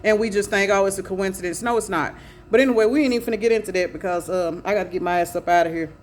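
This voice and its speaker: A woman's voice: medium pitch, fairly even intonation, very fast. A middle-aged woman doing a casual tarot reading, chatty, calling her viewers y'all with salty slang. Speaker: spiritual tarot reader.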